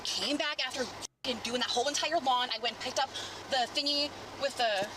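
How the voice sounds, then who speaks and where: A woman's voice: high-pitched, a little fast. A woman rambling emotionally as she tells a deputy her story outdoors, swearing often. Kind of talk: agitated account to police. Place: outdoors at a rural home. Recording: distant bodycam audio, outdoor noise.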